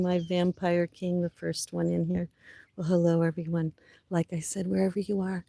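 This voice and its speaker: A woman with a groggy, gravelly morning voice hosts a relaxed livestream from her backyard. Her tone is mellow and dark, and she chats unhurriedly, greeting viewers one by one. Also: lowish voice, a little slow, no echo. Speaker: livestream host. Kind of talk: casual livestream chat.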